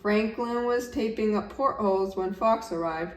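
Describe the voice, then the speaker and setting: A woman, a teacher, reading a children's storybook aloud with gentle, expressive narration. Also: medium pitch, normal speed. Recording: roomy echo, slightly distant mic, faint background noise.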